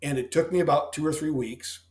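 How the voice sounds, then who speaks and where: A man's voice: on the high side, brisk, slight background noise. A middle-aged man, a dairy farmer telling his story in a plainspoken, folksy way as a podcast guest. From Missouri. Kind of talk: heartfelt storytelling in a podcast interview. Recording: roomy echo.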